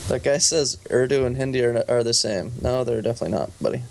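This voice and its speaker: A man chatting casually on a voice call, chiming in with quick, joking interjections. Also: medium pitch, vocal fry, a little mellow. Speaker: friend on the call. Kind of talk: casual voice-chat banter. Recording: noisy voice-chat audio.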